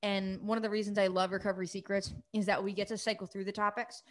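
A woman recovery coach hosting a live coaching session, talking quickly and eagerly, greeting viewers by name. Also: mid-range voice. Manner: fast, excited, energetic delivery.

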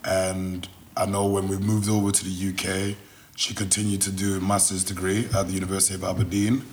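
A man in his twenties from Nigeria, a podcast guest speaking in a measured, thoughtful way. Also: deep voice, completely flat delivery, a little hiss or hum. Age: 20s. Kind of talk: podcast interview.

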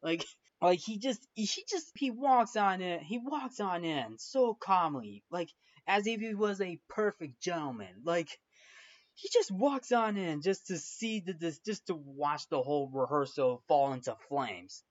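Man, casual film recap, rambling with lots of restarts; higher voice, muffled lo-fi sound. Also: animated, a little slow. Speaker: film reviewer. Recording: dull lo-fi recording.

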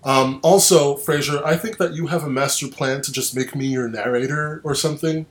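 A man's voice: a little high, normal speed, reverberant. A man hosting a casual online chat, rambling with restarts and sardonic asides. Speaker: podcast host. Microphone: online call.

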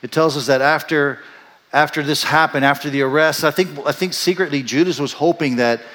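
A male pastor preaching a sermon, telling the story in an animated way and acting out the quoted voices, then dropping soft and low for reflective moments. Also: a little fast. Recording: long hall reverb.

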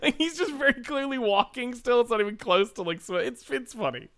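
A man co-hosting a podcast, chatting casually about a movie, animated and laughing often. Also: very high voice, a little fast. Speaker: podcast co-host. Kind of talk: casual movie review chat.

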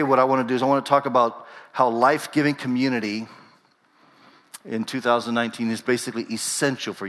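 A man's voice: mid-range voice, sharp tone. A middle-aged man from Panama, a native Spanish speaker, preaching a sermon as a pastor in a conversational, storytelling way, often repeating and restarting phrases. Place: church. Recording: reverberant church sanctuary.

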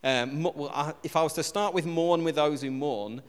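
A man preaching a conversational sermon in a church, chatty and quick with self-deprecating jokes. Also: fairly high pitch, clear, resonant tone, big-room sound.

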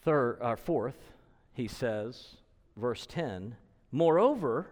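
A man's voice: mid-range voice, animated, normal speed, big-room sound. A male preacher giving an expository sermon, emphatic and explanatory, who repeats his points for stress.

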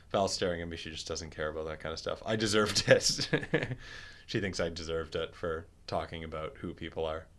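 Very deep-voiced man, self-deprecating. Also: steady tone, normal speed. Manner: self-deprecating, laughs easily. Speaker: podcast co-host. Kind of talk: casual chat.

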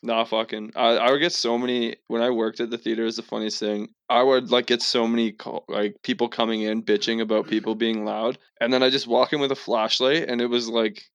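A man's voice: medium pitch, little pitch movement, brisk, few pauses, a bit bright, no echo, lo-fi sound. A man hosting a casual podcast, telling crude, joking stories. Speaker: podcast host.

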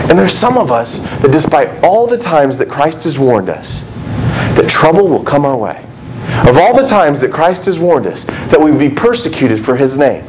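Animated, high-voiced preaching man. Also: moderate pace, noisy background. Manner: animated, conversational, jumping into quoted voices. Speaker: pastor. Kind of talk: sermon.

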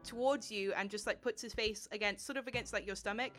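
Bright-voiced woman running a tabletop game. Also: mid-range voice, steady tone, brisk, faint music behind. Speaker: game master.

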